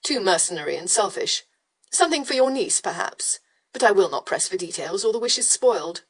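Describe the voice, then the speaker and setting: A woman's voice: mid-range voice, lively intonation, brisk, lightly acted. A woman doing a lazy, mocking aristocratic rake. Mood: teasing drawl. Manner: drawling, mocking, smoothly provocative. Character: arrogant, lazily teasing male aristocrat rake. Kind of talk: audiobook character voice.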